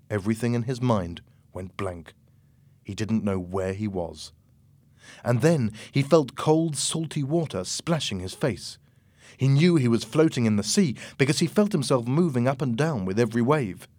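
A man reads a storybook chapter aloud in slow, measured narration. His pitch sits in an ordinary middle range. The recording is dry and close, with no room sound. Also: a little mellow, dry recording. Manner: slow, measured, clear reading. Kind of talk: scripted audiobook narration.

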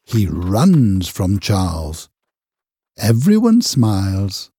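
A man narrating a simple children's reader slowly and carefully. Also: fairly low pitch, wildly swooping pitch, mellow. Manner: slow, clear, careful reading. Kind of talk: graded reader audiobook narration.

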